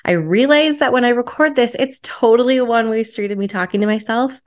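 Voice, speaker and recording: A woman's voice: a little high, brisk. A young adult woman hosting her solo podcast, chatty and upbeat, with lots of "like" fillers. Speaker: podcast host.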